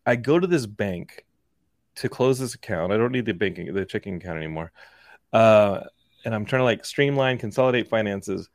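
A man in his forties, a podcast host, telling a story in casual chat and acting out the dialogue in lively quoted voices. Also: on the low side, moderate pace, no room sound, clean studio sound. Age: 40s.

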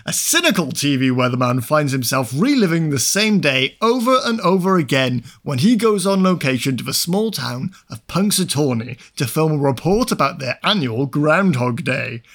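A man hosting a relaxed podcast chat and setting up a quiz game for his co-hosts. His voice sits a little higher than most men's. He talks in long, rambling, teasing build-ups. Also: moderate pace, hardly any pauses. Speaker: podcast host running a quiz. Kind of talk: casual chat.

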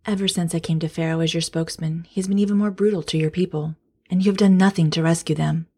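A woman's voice: fairly low pitch, fairly even intonation, fast, mellow, breathy edge. A woman reading as a distressed pleading prophet. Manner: pleading, questioning. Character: distressed male prophet protesting to God.

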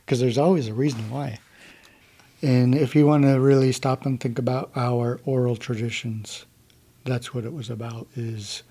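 A calm, laid-back young man from the United States, telling a traditional story to a gathering. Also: mid-range voice, normal speed, slightly rough.

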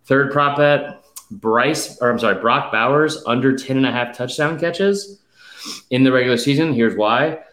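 A man in a casual sports chat reels off numbers and predictions with emphatic drive, sounding slightly out of breath. His mid-pitched voice sits in an echoey room that rings around every line. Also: fairly bright tone. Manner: rapid stat-heavy, emphatic, with fillers. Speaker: podcast host.

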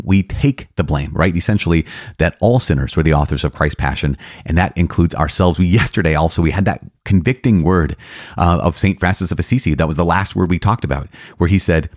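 A man's voice: low voice, a little mellow, no echo, clean studio sound. A man, a priest, hosting a teaching podcast, thoughtful and searching for words as he explains.

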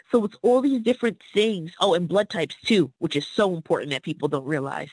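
A woman's voice: lowish voice, dry recording, poor audio. A woman as a podcast guest, telling her own story in an earnest, casual way and acting out the people she quotes. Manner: earnest, acts out quoted people in lively voices.

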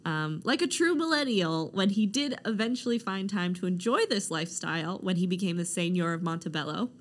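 A young woman with a slightly low voice co-hosts a casual history podcast. She reads passages aloud, then drifts into joking asides and laughs often. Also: animated, brisk. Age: young adult. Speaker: podcast co-host.

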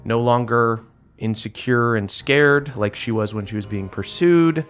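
Спокойный мужчина-ведущий настольной игры. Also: male voice, medium pitch, unhurried, smooth. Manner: relaxed, descriptive, frequent fillers. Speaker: game master. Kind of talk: narrating a tabletop game. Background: soft background music.

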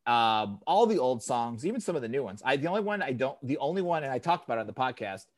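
Animated swearing man on a podcast. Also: mid-range voice, quick pace. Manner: animated, swears, mimics voices in quotes. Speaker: podcast co-host. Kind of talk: casual chat.

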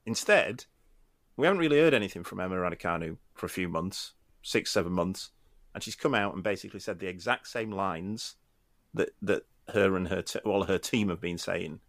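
A man who coaches tennis, co-hosting a casual podcast and talking in an animated way with frequent restarts. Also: low voice, a little fast, no echo, studio quality. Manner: animated, restarts often, acts out quotes.

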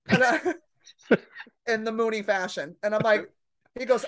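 A woman comedian holds the floor as a podcast guest, storytelling in a loose, profane rush. She slips into other people's voices for quotes and never softens her language. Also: on the high side, normal speed, long pauses. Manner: brash, profane, animated storytelling with acted-out quotes.

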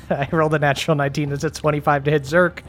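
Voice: mid-range voice, level tone, quick pace, a bit bright, soft background music. A game master narrating a tabletop game casually, with fillers and the odd swear.

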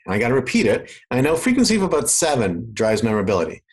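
A man's voice: mid-range voice, fast, husky, rough recording. A man from Canada with a faded Canadian accent, explaining marketing in a casual chat and acting out quoted voices. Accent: Canadian, mostly faded. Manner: animated, acts out quoted voices in his explanations.

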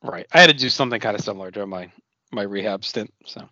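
Man, podcast co-host, bright forward tone, enthusiastic, dry muffled sound. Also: fairly low pitch, quick pace, dry recording. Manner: enthusiastic, rambling with restarts. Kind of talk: casual wrestling chat.

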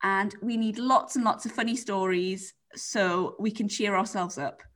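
A woman's voice: mid-range voice, unhurried. A woman hosting a podcast, telling stories in a casual chat and laughing often. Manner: giggly, animated storytelling with lots of laughter. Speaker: podcast host.

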